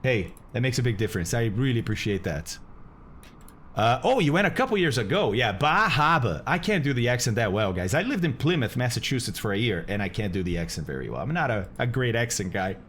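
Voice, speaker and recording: A male flight-sim streamer talks casually to his viewers, thanking them and reading chat aloud. His pitch moves around animatedly and he laughs easily. A faint hum of noise sits under the home recording. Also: sing-song, quick pace. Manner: chatty, reads chat aloud, laughs often.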